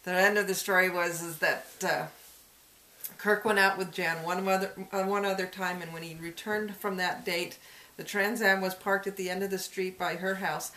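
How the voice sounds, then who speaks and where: A woman's voice: lowish voice, fairly even intonation, moderate pace, bright, forceful tone. A woman telling a personal story in a folklore interview, chuckling often as she goes. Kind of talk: casual personal anecdote. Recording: echoey room.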